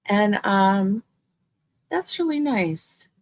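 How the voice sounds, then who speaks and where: A woman's voice: medium pitch, lively intonation, very slow. An older woman hosting a crochet live stream, chatting in a gushing, friendly way and laughing easily. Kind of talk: casual live stream chat.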